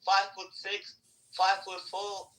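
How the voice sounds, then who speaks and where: A man's voice: high-pitched, monotone, unhurried, pushed and bright, recorded from a distance, low-quality recording. A man in a heated argument on a live voice chat, aggressive, taunting and hurling insults.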